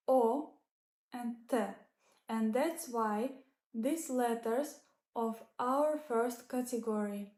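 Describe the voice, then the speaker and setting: A woman whose first language is Russian gives a slow, deliberate language lesson in English. Her voice sits a little high, and she carefully sounds out each letter and example word. The recording has a noticeable echo, as if made in a bare room. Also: darkish tone. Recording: echoey room.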